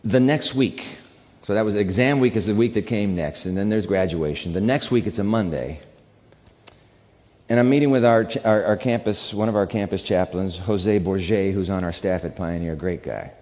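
A man preaching as a pastor, telling a personal story in a conversational, animated way and acting out the dialogue. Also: deep voice, moderate pace, big-room sound. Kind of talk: sermon storytelling.

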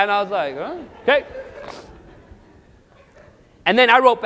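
Man, pastor, high voice, animated storytelling sermon, reverberant hall. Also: measured pace, pauses often, a little hiss or hum. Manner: animated storytelling with acted dialogue.

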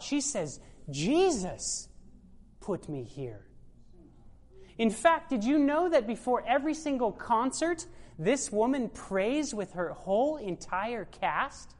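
A woman's voice: mid-range voice, a little mellow. A woman giving a sermon-style talk to a congregation, emphatic and full of rhetorical questions. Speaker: speaker at a church presentation.

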